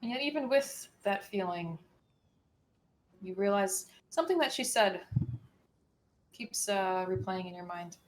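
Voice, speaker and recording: Lady dm narrating the game, soft storyteller voice, some ums. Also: mid-range voice, animated, measured pace, pauses often. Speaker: dungeon master.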